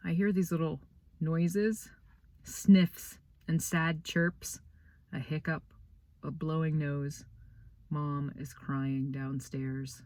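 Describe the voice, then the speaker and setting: A woman author reading her own children's novel aloud with an expressive, dramatic storytelling delivery. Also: low-pitched, takes it slowly, no room sound.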